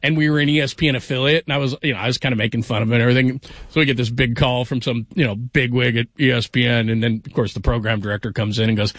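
A man's voice: mid-range voice, fairly even intonation, rapid-fire, a bit bright, no room sound, studio quality. A man filling in as a sports radio host, telling stories in a joking, rambling way with lots of restarts. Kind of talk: casual sports radio chat.

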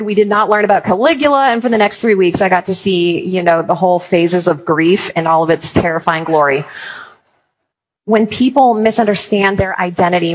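Woman speaker, husky mid voice, jokey storyteller acting out quotes. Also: medium pitch, rough recording. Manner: humorous storytelling with acted quotes. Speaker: Christian speaker on apologetics. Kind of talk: conference talk.

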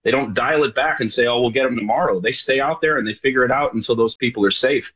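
A middle-aged man from New York chats as an interview guest. His voice is husky and a little breathy, and the sound is dull and muffled, as if over a remote link. He hesitates often and restarts his sentences. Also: mid-range voice, fast talker, sharp tone. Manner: hesitant, many fillers and restarts. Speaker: guest, show host and rowing coach. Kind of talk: casual interview chat.

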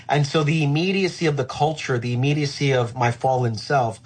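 Male pastor, husky voice, reflective and earnest, conversational. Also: mid-range voice, fairly quick, hardly any pauses. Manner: reflective, earnest, frequent "uh" fillers. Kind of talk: conversational interview answer.

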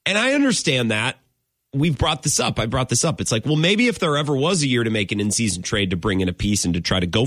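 Male sports radio host, lowish voice, lively swings in pitch, dry close sound, sarcastic rants. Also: no echo. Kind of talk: casual sports talk radio.

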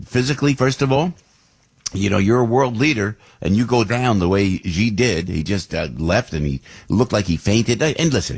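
A man with a New Jersey accent hosting a morning radio talk show, animated and rambling with lots of fillers. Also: sits low, husky.

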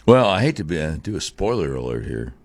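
Deep-voiced opinionated male talk host. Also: big pitch swings, brisk, no room sound. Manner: opinionated, drawling, mocking asides. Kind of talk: political talk commentary.

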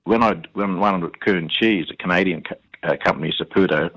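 Low husky Australian man, halting speech. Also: a bit bright, lo-fi sound. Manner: halting, repeats words, many fillers. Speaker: interview guest. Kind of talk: conversational storytelling.

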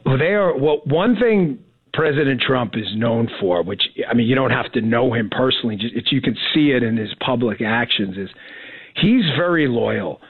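A man in his forties, a former Secret Service agent, talking excitedly in a casual radio interview and rambling with many restarts. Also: mid-range voice, moderate pace, breathy edge, dry recording. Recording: tinny phone-line audio.

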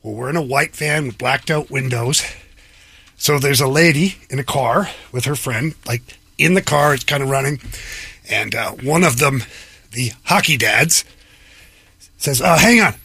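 A man's voice: medium pitch, measured pace, vocal fry, pauses often, slightly rough, no echo. A middle-aged man and youth team coach telling jokey stories in casual chat, acting out the people in them. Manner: jokey, animated storyteller acting out other people. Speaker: youth sports head coach.

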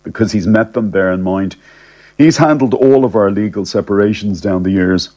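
A man telling a comic first-person story in a cheeky, deadpan, slangy way. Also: lowish voice, normal speed.

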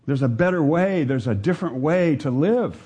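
A man's voice: a little high, lively intonation, moderate pace, warm tone, breathy edge. A man preaching a sermon to his congregation, earnest and building, with rhetorical questions to the listeners. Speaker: pastor. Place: church service with a congregation.

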